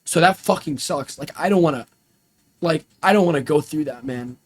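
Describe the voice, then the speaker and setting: A man's voice: fairly high pitch, normal speed. A young man chatting casually on a stream, rambling in slangy, profanity-heavy talk. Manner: rambling, slangy and full of swearing.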